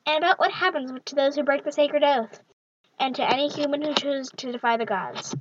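A woman's voice: high voice, brisk, muffled recording, noisy background, natural voice. A woman voicing a stern, haughty female death goddess who speaks in a commanding, scornful way while reading a storybook aloud.

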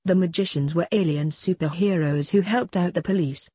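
Woman reading a story aloud, lowish husky voice, dry close sound, plain delivery. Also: moderate pace, warm tone, no room sound. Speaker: narrator.

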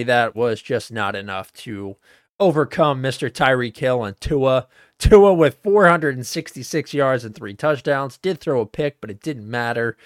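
Casual sports podcast dude, rambly, swears a bit, middle voice, dry close mic. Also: male voice, mid-range voice, dry recording. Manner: loose and profane, many fillers. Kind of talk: casual chat.

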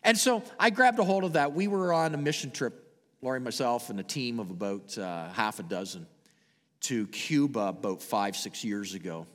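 A Canadian man preaching a sermon and telling stories, swinging dramatically between loud and hushed delivery. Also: mid-range voice, normal speed, in a large hall. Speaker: pastor. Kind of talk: sermon with storytelling.

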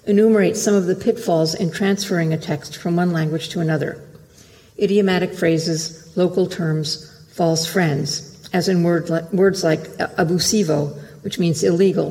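A literary translator reading a prepared lecture in a measured, careful way, heard in a lecture hall. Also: medium pitch, a little mellow. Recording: long hall reverb.

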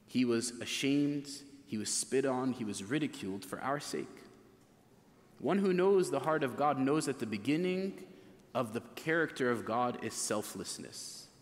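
A man in his thirties preaching a sermon as a priest, telling stories with lively, acted-out quotes. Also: medium pitch, measured pace. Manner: animated storytelling, acts out voices in quotes. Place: church. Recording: long reverb of a church hall.

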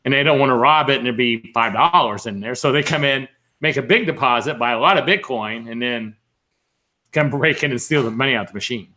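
A man's voice: mid-range voice, brisk, pushed and bright. Rambling man in casual chat. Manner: rambling storyteller, lots of fillers. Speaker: podcast co-host.

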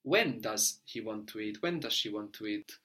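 A man's voice: fairly low pitch, lively intonation, normal speed, a bit bright. Patient male language teacher. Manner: patient, prompting, spells words letter by letter; often ends with a checking "no?". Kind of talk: guided language lesson.

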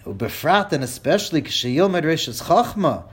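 A man with a fairly high voice leads a class through a Hebrew text, reading each line and then rendering it in English. He builds up the grim scenes with drama and slips in dry jokes. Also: sing-song, moderate pace, slightly rough. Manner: reads Hebrew lines then translates them line by line, dramatic; wry, jokes with listeners. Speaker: Torah teacher.

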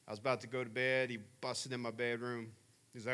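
A man in his forties giving a sermon as a camp speaker, telling stories in an animated, chatty way. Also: mid-range voice, fast.

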